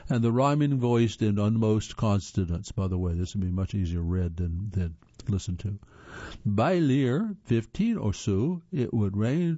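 A man's voice: mid-range voice, warm tone, no room sound, dull audio. A man reading a scripted trivia narration in a wry, playful way, tripping over words now and then.

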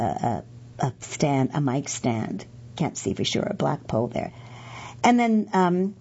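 A woman reading a magazine aloud, describing its photos and pausing to correct herself with small fillers. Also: lowish voice, warm tone, breathy edge, lo-fi sound. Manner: slow, careful reading with hesitant fillers and self-corrections.

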